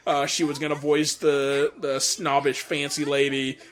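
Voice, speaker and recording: High-voiced man rambling through a commentary. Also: flat delivery, measured pace, a bit bright. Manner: rambling, self-correcting. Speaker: comic dub director. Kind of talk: casual audio commentary.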